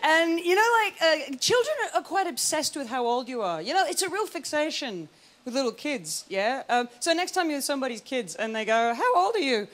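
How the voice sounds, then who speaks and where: A woman's voice: high-pitched, very animated, brisk. An Australian woman performing a stand-up comedy set, chatty and rambling with plenty of ums. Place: TV studio stage before a live audience. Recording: loud studio audience laughter.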